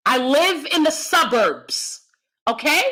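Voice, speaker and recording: A woman vlogger in a personal rant who is blunt and heavy on profanity. Her voice is bright and forceful, and she hits her points hard. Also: high-pitched, very animated, slow. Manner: calls herself loud.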